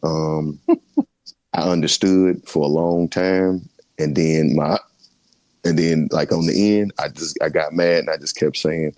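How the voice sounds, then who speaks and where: A man co-hosting a sports podcast, talking in a rambling, joking, animated way. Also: a bass voice, slow pace, dry recording. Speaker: podcast co-host. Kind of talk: casual sports chat.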